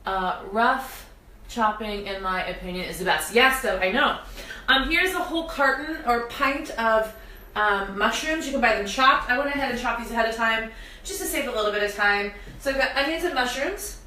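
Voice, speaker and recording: A woman's voice: a little high, expressive, moderate pace, pushed and bright, reverberant, distant mic, slight background noise, low-quality recording. A young woman hosting a live cooking demonstration in her home kitchen, chatting directly to viewers with self-deprecating humor while her eyes water from onions. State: teary-eyed from onions. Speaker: cooking show host. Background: kitchen clatter of pots and dishes.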